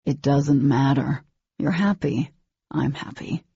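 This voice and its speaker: A woman voicing a teasing, cocky young male boyfriend in an audiobook, with a slow, low drawl. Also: gravelly, dark tone, breathy edge, no room sound, lo-fi sound, exaggerated voice. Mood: tender. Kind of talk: audiobook character voice.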